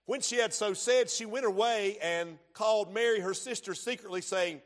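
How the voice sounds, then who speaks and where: A man preaching a sermon in church, swinging from hushed tones to shouting. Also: sits high, moderate pace. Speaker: pastor.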